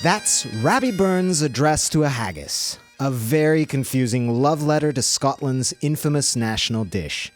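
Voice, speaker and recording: A man's voice: mid-range voice, animated, measured pace, few pauses, faint music behind. A young man from Bolivia co-hosting a podcast, teasing and upbeat. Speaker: podcast co-host. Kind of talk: casual chat and scripted narration.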